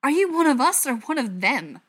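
A woman's voice: mid-range voice, moderate pace, lightly acted. A woman voicing an angry male vampire butcher. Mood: furious. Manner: forceful, accusing, raised voice. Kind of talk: audiobook reading.

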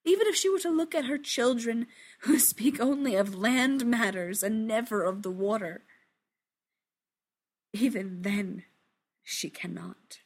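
A woman reading a literary story aloud in a hushed, measured, intimate way, often dropping into a whisper. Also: fairly high pitch.

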